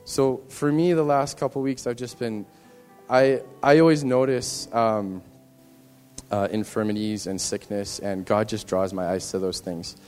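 A man's voice: on the low side, fairly even intonation, a little slow, a little mellow, long reverb tail, faint music behind. A man in a church giving an earnest, rambling personal testimony to the congregation, often restarting his sentences. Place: church hall.

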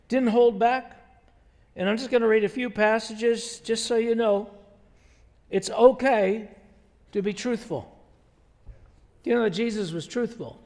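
A male pastor preaching a sermon in a conversational, emphatic way, full of rhetorical questions. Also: high-pitched. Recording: long hall reverb.

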